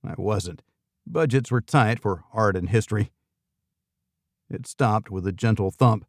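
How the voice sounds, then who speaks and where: A man's voice: measured pace, no echo. A man narrating a first-person thriller audiobook with a dry, wry delivery. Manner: dry, wry delivery, lifting pitch for dialogue.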